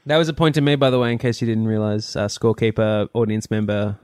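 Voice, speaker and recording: A man's voice: fairly low pitch, fairly even intonation, fast, a little mellow. A man co-hosting a podcast in casual chat, swearing freely and trailing off as he thinks. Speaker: podcast co-host.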